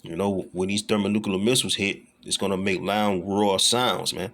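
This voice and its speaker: Casting note: man with a low voice, informal preacher, reads verses slowly, repeats phrases. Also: steady tone, fairly bright tone, a little hiss or hum. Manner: reads verses slowly, tags lines with "man" and "all right"; repeats and restarts phrases, clears throat. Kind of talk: casual scripture teaching.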